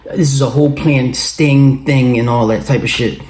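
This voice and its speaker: A man telling his own story in a casual, profane, animated way, acting out what people said. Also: mid-range voice, moderate pace. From Philadelphia. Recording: roomy echo.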